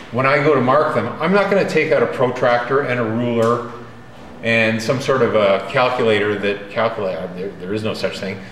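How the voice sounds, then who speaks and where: A drawing teacher delivers a classroom lecture with direct emphasis, regularly pausing to check in with students. He has a mid-range, slightly bright voice, and the recording carries a little hiss or hum along with the faint ambience of a roomy classroom.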